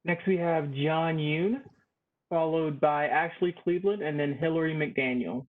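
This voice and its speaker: A man's voice: on the high side, unhurried. A man moderating a public meeting, calling on commenters one by one and repeating their numbers and names. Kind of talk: procedural meeting announcements. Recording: tinny phone-line audio.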